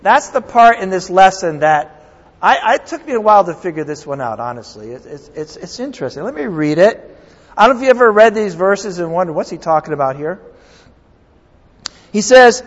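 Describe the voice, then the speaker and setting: High-voiced man preaching in a hall. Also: sing-song, brisk, dull audio. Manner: earnest, conversational, with restarts and emphatic repetition. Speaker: pastor. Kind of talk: sermon.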